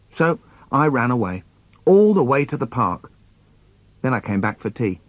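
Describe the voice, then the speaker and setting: A man's voice: mid-range voice, normal speed, pauses often, no room sound, highs cut off. Playful man reciting poems. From London. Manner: playful, expressive, swooping delivery. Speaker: children's poet. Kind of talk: storytelling poem recitation for children.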